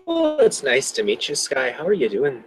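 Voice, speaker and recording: A bubbly, talkative young woman with an Irish lilt, as a man puts her on for a tabletop game. The voice stays husky and a little breathy. She is polite and eager to talk with strangers. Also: mid-range voice, huge pitch swings, moderate pace, soft background music, rough recording. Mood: friendly. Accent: put-on Irish. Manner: friendly, talkative. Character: cheerful chatty young red-haired woman.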